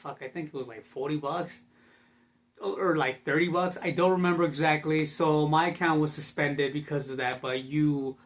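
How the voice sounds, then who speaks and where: A young man rambling in a casual vlog, profane and full of fillers. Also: fairly high pitch. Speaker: vlogger.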